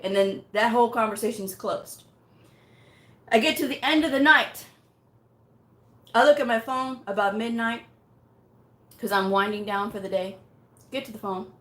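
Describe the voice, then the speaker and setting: A woman's voice: fairly high pitch, fairly bright tone. A woman hosting a medical coding channel, telling a story bluntly and directly. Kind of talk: casual talking-head rant. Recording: echoey room sound.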